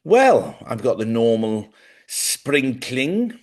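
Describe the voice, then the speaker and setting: This man's medium-pitched voice is a little mellow, with big pitch swings and a slow delivery. Hosting his own live show from a small studio, he rambles through casual livestream chat, cracking jokes, wandering between topics and sounding sleepy.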